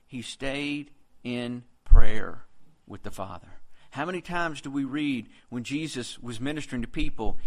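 A man's voice: medium pitch, a bit bright. A man preaching a sermon in an earnest, conversational way, quoting scripture as he goes.

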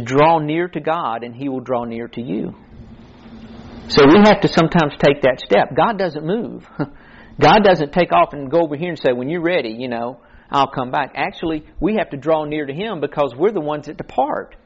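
Earnest preaching man, dull lo-fi sound. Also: fairly high pitch. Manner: earnest, conversational, quotes scripture. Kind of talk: sermon.

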